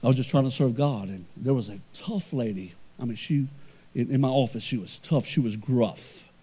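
A male pastor preaching a sermon, swinging between emphatic swells and quiet storytelling. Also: mid-range voice, normal speed, husky.

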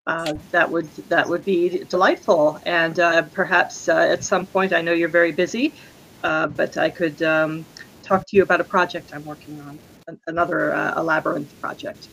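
A woman voicing a courteous woman scholar who speaks formally and haltingly, with a husky voice. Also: low-pitched, fairly even intonation, fairly bright tone, muffled recording, a little hiss or hum. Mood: polite.

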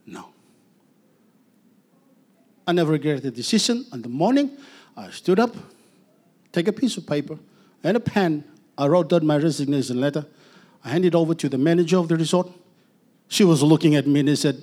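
Husky, earnest preacher man, halting. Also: on the high side, animated. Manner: earnest, halting, with repeated restarts and soft trailing phrases. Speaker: preacher giving testimony. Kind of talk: personal testimony sermon.

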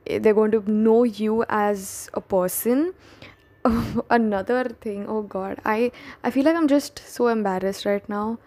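A young woman, hosting her own podcast in a candid, chatty, self-deprecating way with quick restarts. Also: mid-range voice, mellow, dry recording. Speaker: podcast host. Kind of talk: casual solo podcast talk.

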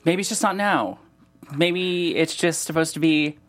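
A man hosting a podcast, reacting eagerly and throwing in quick jokes. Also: a little high, a bit bright. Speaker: podcast host. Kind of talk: casual chat.

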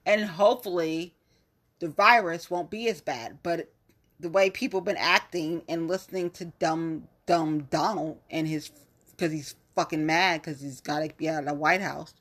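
A woman's voice: low voice, normal speed, sharp tone. A woman hosting a podcast, ranting in a blunt, profane and exasperated way in a casual monologue. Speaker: podcast host.

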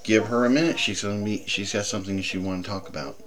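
Deep-voiced man hosting a talk show. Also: steady tone, fast, fairly bright tone. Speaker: host. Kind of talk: casual talk show chat.

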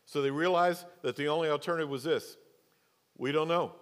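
A man preaches from the pulpit, his fairly high voice rising into emphatic declarations and dropping into low, confiding asides. His words ring out with a long reverb that fills the church sanctuary. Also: brisk. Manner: swings between loud emphatic preaching and quiet, low asides. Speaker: pastor. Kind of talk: sermon.

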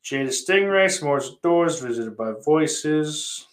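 On his own movie vlog, a channel host walks through his latest movie purchases, swearing casually and rambling with plenty of fillers, trailing off and restarting. His voice is fairly high and expressive, and he talks at a slow, offhand pace.

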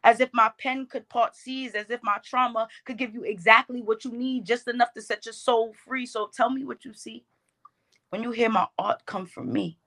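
A woman's voice: a little high, steady tone, moderate pace, a bit bright. A woman performing her own spoken word poem, with a rhythmic, emphatic delivery. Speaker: poet.

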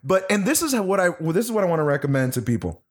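A man recounts a film in casual chat, his voice sitting a little high. He tells it with lots of laughter and cursing. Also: quick pace. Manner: animated, profane, laughing storyteller. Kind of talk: casual movie review chat.

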